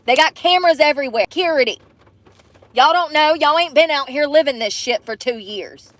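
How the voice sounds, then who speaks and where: Young woman ranting in her car, kinda high voice, mad and cussing a lot, phone mic. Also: lively intonation, a little fast, a bit bright, no room sound. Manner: frustrated, swearing, ranting. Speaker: vlogger living in her car. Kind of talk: venting vlog. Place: inside a parked car in the rain.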